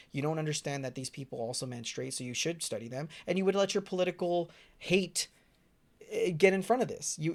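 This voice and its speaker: A man's voice: fairly high pitch, creaky. Ranting, sarcastic young man. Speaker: commentary streamer. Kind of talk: casual reaction commentary.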